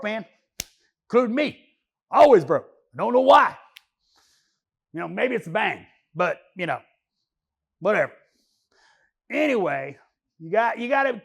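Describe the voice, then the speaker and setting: A man's voice: very high-pitched, lively intonation, normal speed, gravelly, long pauses, exaggerated voice. A man playing a lazy male car mechanic who proudly dodges work, talking in a rambling, slangy, joking way with loose grammar. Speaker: auto mechanic. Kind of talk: comedy character monologue.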